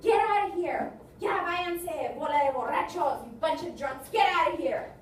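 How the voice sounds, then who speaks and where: A woman voicing a gruff bar owner loudly scolding drunks, recorded from far off in an echoey room. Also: extremely high pitch, animated, moderate pace, a little hiss or hum, voice pushed up.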